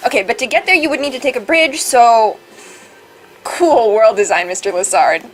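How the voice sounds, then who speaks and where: Higher-pitched woman kidding around while playing a game, faint music behind. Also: moderate pace, low-quality recording. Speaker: let's play co-host. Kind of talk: casual chat over a game.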